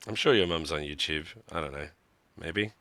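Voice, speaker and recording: A man's voice: rumbling low, moderate pace, bright, forceful tone, no room sound. A man giving live commentary on a mobile game he is playing, talking to himself in a wry, joking, self-mocking way. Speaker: gaming streamer.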